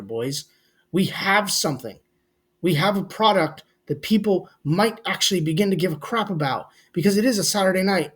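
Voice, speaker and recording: Casual vlogger, male, high-pitched voice, blunt and opinionated, swears freely. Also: slightly rough. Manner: blunt, swears casually, addresses fans as "boys". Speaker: wrestling commentary vlogger. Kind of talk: casual opinionated recap rant.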